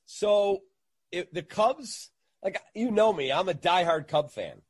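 A man with a slightly husky, fairly high voice tells a story in a casual interview. He acts out each quote with lively energy and keeps the tale rolling. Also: slow, no echo. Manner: animated anecdote teller, acts out quotes. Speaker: guest, sports radio entertainer.

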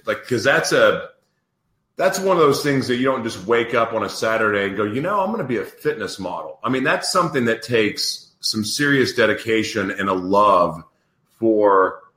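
A man hosts a casual interview, chatting in a loose, rambling way and laughing often. His voice is forceful and on the low side. The sound bounces around a roomy space. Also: unhurried. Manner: animated, rambling, laughs easily. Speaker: host.

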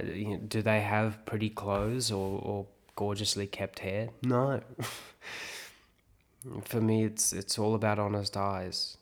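A man from South Africa talks through his thoughts in a reflective podcast monologue, asking himself questions and answering them. His voice sits low and has a gravelly, creaky edge. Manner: thinks aloud, talking himself through questions. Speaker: actor and podcast host.

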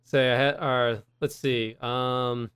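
A man's voice: mid-range voice, little pitch movement, slow pace, fairly bright tone, smooth. A man co-hosting a casual podcast, laughing often and joking at his own expense. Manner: laughing, self-deprecating, profane. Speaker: podcast co-host.

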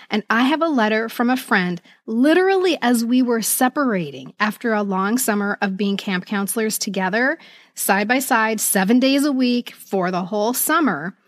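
Lively, bright-voiced middle-aged woman. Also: on the high side, no echo, clean studio sound. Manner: animated, laughs often. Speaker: podcast co-host. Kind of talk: casual chat, reading old letters aloud.

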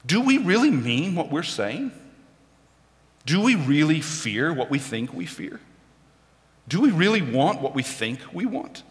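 Male preacher, expressive delivery, wry storyteller, hall reverb. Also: a little high, a little slow, long pauses. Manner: storytelling with self-deprecating humor. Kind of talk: sermon.

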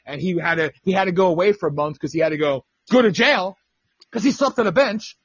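A man's voice: high voice, fast, a bit bright, husky, no echo, dull audio. A man hosting a radio talk show, telling stories in a casual, profane way and mimicking the people he quotes. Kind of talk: casual political radio chat.

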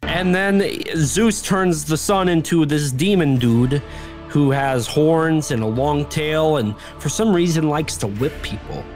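With music in the background, a young man with a slightly high voice takes an unhurried approach to retelling a movie plot. As a podcast co-host in comedic banter, he tells the story animatedly, laughing and squawking like a bird.

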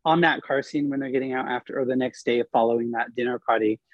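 A man's voice: mid-range voice, steady tone, fast talker, no echo. Man with a dull, muffled sound. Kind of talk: casual movie discussion.

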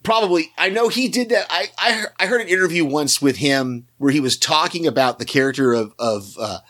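With a fairly high, slightly bright voice and a brisk pace, a man co-hosting a podcast chats loosely about a TV episode. He keeps restarting his sentences and uses many fillers as he rambles.

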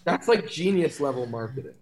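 A man's voice: medium pitch, lively intonation, normal speed. A man with an ordinary mid-range voice chats as a podcast guest. He tells his stories in a loose, scattered way and laughs often. He breaks in with small sound imitations as he goes. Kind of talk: casual podcast chat.

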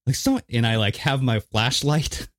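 A man co-hosting a casual podcast, telling stories with animated delivery and acting out other people's voices. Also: fairly low pitch, moderate pace, no echo, studio quality. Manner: animated storyteller who acts out voices. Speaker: podcast co-host.

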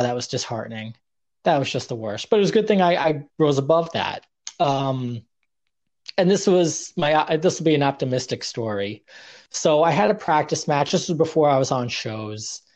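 A young man, a guest on a podcast, telling stories in a rambling, self-deprecating way with lots of fillers and restarts. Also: a little high. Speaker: guest, indie wrestler. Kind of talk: casual storytelling interview.

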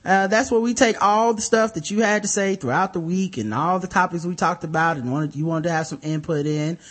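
A man's voice: high-pitched, fairly quick, a bit bright. A young man co-hosting a podcast in a casual, rambling, profane way, full of fillers and loose asides. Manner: laid-back, rambling, profane, with many fillers. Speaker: podcast co-host.

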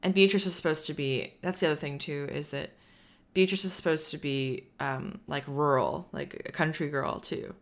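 Low-voiced woman in a wry book chat. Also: moderate pace. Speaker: podcast co-host. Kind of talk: casual book discussion.

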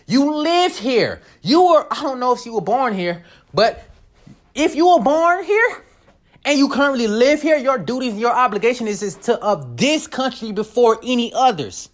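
Animated, profane woman ranting on a vlog. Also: mid-range voice, normal speed. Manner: animated, profane, laughs often. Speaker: vlogger. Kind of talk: casual commentary vlog.

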